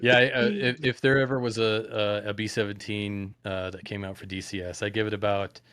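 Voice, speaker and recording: A man guest on a podcast, speaking casually and haltingly with many fillers. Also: on the low side, level tone, a bit bright, clear, resonant tone, no room sound.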